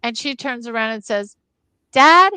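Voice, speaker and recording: A woman's voice: medium pitch, unhurried, no room sound. Woman retelling a story with relish. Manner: lively storytelling, retelling scenes with laughs. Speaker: film club podcast co-host. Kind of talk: casual film discussion.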